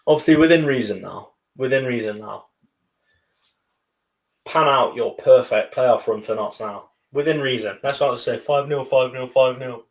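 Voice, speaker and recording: A man's voice: mid-range voice, normal speed, recorded from a distance. A man co-hosting a live football fan show, chatting casually and teasing his co-host. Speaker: podcast co-host.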